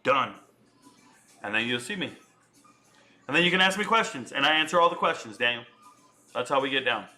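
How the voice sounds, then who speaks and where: A man's voice: mid-range voice, lively intonation, fairly quick, long pauses, sharp tone, faint music behind. A man hosting a casual livestream chat, joking and boasting in slangy talk. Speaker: livestream host.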